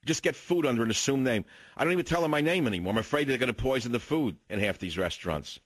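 Ranting older talk radio host. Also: male voice, mid-range voice, animated, fast, dry recording. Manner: ranting, indignant storytelling.

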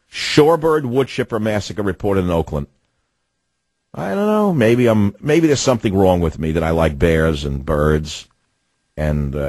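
A man's voice: low voice, a little mellow, breathy edge, no room sound. A man hosting a talk radio show, delivering an indignant, ranting monologue with sardonic asides.

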